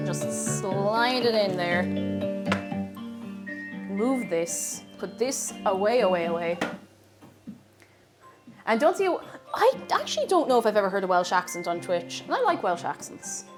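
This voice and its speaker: An Irish woman chatting with her stream audience while cooking in her home kitchen, bubbly and talkative. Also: on the high side. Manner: chatty, bubbly, reads out viewer names. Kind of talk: casual livestream chat while cooking.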